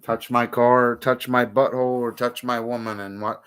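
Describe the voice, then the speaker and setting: Blunt, profane man with a bright voice. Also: mid-range voice, little pitch movement, normal speed, hardly any pauses, smooth. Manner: blunt, profane, heated outbursts. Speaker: streamer. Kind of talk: casual live-stream monologue.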